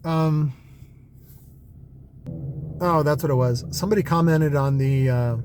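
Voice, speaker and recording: A man's voice: a little high, a little slow, background noise. Rambling man talking in a car. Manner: rambling, hesitant, many fillers and restarts. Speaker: vlogger. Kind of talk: casual rambling monologue. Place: in a car on a night drive.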